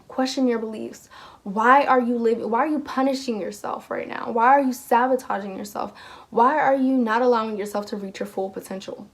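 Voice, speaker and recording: Tarot reader, female, young adult, lively voice, slightly high-pitched. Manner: animated, acts out what the listener and their guides might say. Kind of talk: intuitive tarot reading to viewers.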